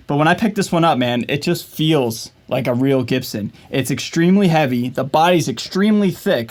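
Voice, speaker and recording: A man talking casually to the camera at home in a vlog, upbeat and chatty and filling his talk with "man" and "like". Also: a little high. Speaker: vlogger and guitarist. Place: at home in his usual filming spot.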